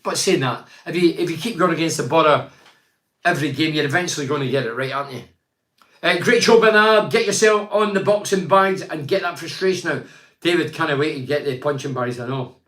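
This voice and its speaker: An older man from Teesside hosts a casual chat, reading viewer comments aloud. He talks in a blunt, opinionated, rambling way, in a voice pitched a little high for a man. The room around him sounds echoey. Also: brisk, a bit bright.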